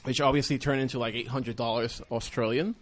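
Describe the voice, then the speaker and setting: A man with a Puerto Rican accent, Spanish being his first language, spins a rambling story in a relaxed chat. He swears freely and bursts into loud acted-out quotes. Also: mid-range voice, a little fast. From Puerto Rico. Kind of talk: casual chat.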